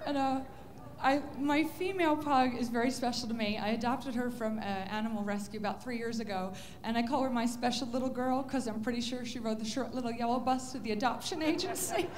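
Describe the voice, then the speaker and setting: A woman's voice: on the high side, brisk, background noise. A woman stand-up comedian telling pet jokes in a chatty, self-interrupting way, often laughing.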